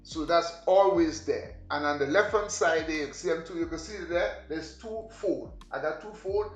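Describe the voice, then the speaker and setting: Talking straight to his viewers, a man rambles chattily through a casual vlog tour of his home's room and kitchen. He speaks at a moderate pace in a slightly high voice, in an echoey space with faint music behind.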